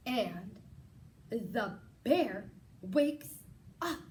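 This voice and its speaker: Slow expressive woman reading a story. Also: on the high side, a little hiss or hum. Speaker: teacher reading to children. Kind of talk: children's story read-aloud.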